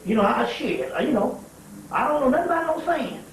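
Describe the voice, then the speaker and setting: Man, profane street-talk lecture, animated, laughing, very echoey room, distant mic. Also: very high-pitched, a little fast, background noise. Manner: animated, laughing, street-talk storytelling with call-and-response asides. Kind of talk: profane lecture to a live audience.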